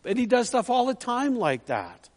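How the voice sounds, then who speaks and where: A man's voice: very high voice, huge pitch swings, normal speed. A man preaching a storytelling sermon in a chatty way, putting questions to the listeners. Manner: chatty, asks the audience questions. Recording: long hall reverb.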